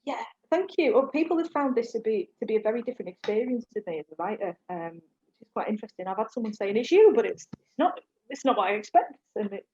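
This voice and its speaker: A woman poet reads her short poems in a steady rhythmic voice, then slips into easy, self-mocking chat. Her pitch sits in the middle for a woman. The recording is dull and lo-fi. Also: quick pace, slightly rough. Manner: rhythmic poetry reading, chatty and self-mocking in conversation. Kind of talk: reading poems and casual chat.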